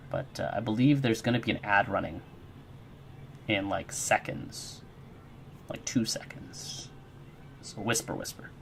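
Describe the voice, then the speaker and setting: A man's voice: fairly low pitch, a bit bright, slight background noise. A man streaming his game development work, chatting casually with viewers in a rambling, friendly, encouraging way and answering chat.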